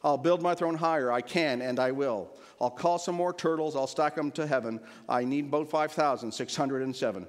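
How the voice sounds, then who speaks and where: A man putting on a pompous, bellowing turtle king from a storybook, his voice pushed high and loud as he brags and commands. The sound rings with a long church reverb. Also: steady tone, quick pace, few pauses, close to an everyday voice. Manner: shouting, bragging, imperious. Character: boastful tyrant turtle king, male.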